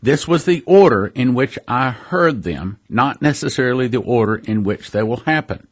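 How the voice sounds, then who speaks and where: A middle-aged man hosting a radio prophecy ministry, speaking earnestly and slowing down to stress key words. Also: medium pitch. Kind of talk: radio sermon commentary.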